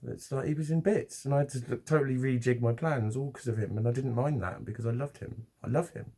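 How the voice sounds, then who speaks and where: A man's voice: medium pitch, quick pace, dark tone, breathy edge. A man talking to camera in a rambling, casual vlog, swearing often and restarting his sentences. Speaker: vlogger.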